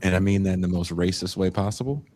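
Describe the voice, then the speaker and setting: A middle-aged man from the San Francisco Bay Area, hosting a podcast with animated, profane, joking banter. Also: low-pitched, fast. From San Francisco Bay Area, USA. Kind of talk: casual podcast chat.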